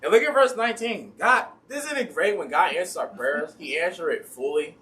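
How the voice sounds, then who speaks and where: Higher-voiced man preaching in church. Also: animated, normal speed, sharp tone, far from the mic. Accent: Ohio. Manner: casual, voices complaining Israelites and God in everyday speech. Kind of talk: sermon. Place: church sanctuary.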